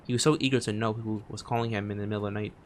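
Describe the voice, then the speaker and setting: Male streamer, deepish voice, reads narration off screen with frequent restarts and muttered side comments. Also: steady tone, very fast, a little hiss or hum. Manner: reads on-screen text aloud, stumbling and restarting phrases; drops quiet asides between read lines. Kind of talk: gameplay commentary, reading game text aloud.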